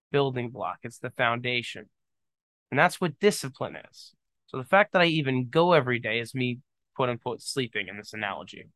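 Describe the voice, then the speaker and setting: A man's voice: medium pitch, a bit bright, no echo. A man in his twenties hosting a casual solo podcast, joking and rambling off on tangents into a microphone. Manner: rambling, jokey, goes off on tangents. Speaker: podcast host. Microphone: studio microphone, on camera.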